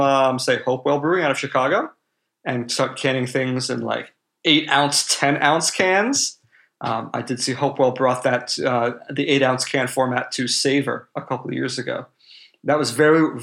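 A man's voice: medium pitch, a bit bright. A man hosting a casual podcast chat, rambling with many ums and likes. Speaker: podcast host.

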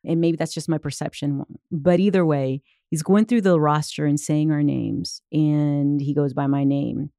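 Low-voiced woman in her thirties telling a story. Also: moderate pace, hardly any pauses, dark tone, no room sound, clean studio sound. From United States. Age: 30s. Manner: reflective storytelling, many fillers. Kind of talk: casual chat.

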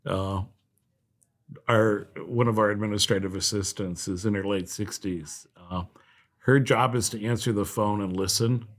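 A man from Ohio speaks as an interview guest, heartfelt and halting, his talk full of fillers. His voice is fairly low. He trails off and restarts often as he goes. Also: steady tone. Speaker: nonprofit president, guest. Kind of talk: casual interview chat.

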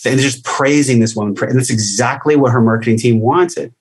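A man's voice: medium pitch, a little fast, few pauses, breathy edge. A man hosting a podcast, talking through an impassioned, rambling monologue full of "like" fillers. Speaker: podcast host.

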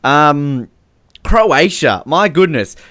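A man's voice: a little high, very animated, drawn-out words, a bit bright, no room sound. A man hosting a casual podcast chat, sarcastic and often laughing. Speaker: podcast host. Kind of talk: casual chat reviewing song contest entries.

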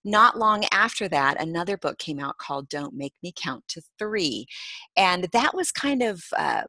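A middle-aged woman hosts a podcast in a relaxed, chatty way, sprinkling in ums and easy laughs. Her voice sits a little low but sounds bright. The recording is dry and close. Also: moderate pace, dry recording. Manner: warm, chatty, laughs often, many ums. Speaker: podcast host. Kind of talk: casual interview chat.

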